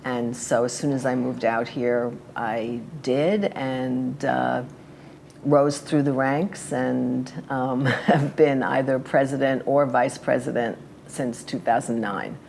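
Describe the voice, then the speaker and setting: Very low-voiced older woman, gravelly. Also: steady tone, slow, a little mellow, slight background noise. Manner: chatty, rambling, with fillers and laughs. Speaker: interview guest. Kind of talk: casual interview.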